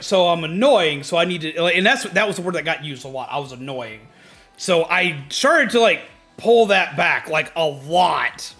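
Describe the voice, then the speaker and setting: A man streaming a game, chatting casually with his viewers, ranting with lots of energy, swearing freely and shouting greetings to his chat. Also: fairly high pitch.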